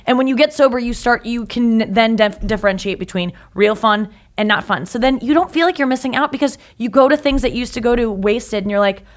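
A woman talking casually in an emphatic, animated way. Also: a little high, fairly quick, hardly any pauses. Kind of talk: casual conversation.

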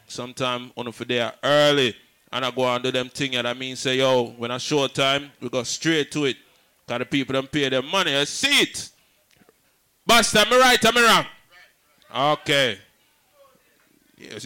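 A man emceeing a live show, giving loose shout-outs in reggae slang and hyping up the next artist. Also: medium pitch, smooth. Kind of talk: live show hype talk. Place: live venue.

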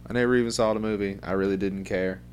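A man's voice: on the low side, fairly even intonation, fast, faint music behind. A middle-aged man hosting a podcast, rambling in a loose, profane, casual way. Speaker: podcast host.

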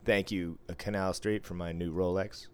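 A man from the US East Coast co-hosting a podcast in casual chat, hoarse from smoking and laughing, crude and quick to laugh. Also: low-pitched, steady tone. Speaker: podcast co-host.

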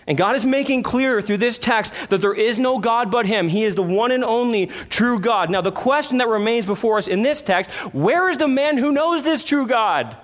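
A man preaching a sermon, earnest, with rhetorical questions and dramatic pauses. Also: very high-pitched, animated. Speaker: pastor.

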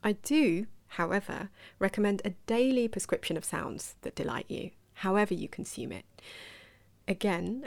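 Woman podcaster rambling warmly into a close mic, bit of gravel and fry in her voice. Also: mid-range voice. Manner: warm, chatty, digressive, asks the listener questions. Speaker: podcast host. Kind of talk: reflective solo podcast talk.

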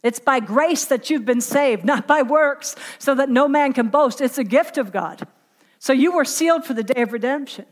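A woman's voice: high voice, moderate pace. A middle-aged woman preaching a sermon in an emphatic, conversational way, asking her listeners to fill in the words.

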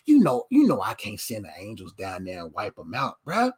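A man preaching voices God as a calm, laid-back male elder who chides him in casual slang. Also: lowish voice, normal speed, husky, voice pushed down, heavily acted.

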